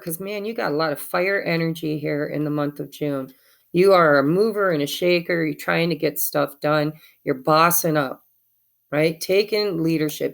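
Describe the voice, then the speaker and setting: Tarot reader, female, low and gravelly, casual encouraging delivery. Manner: chatty, encouraging, spiritual. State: has the hiccups.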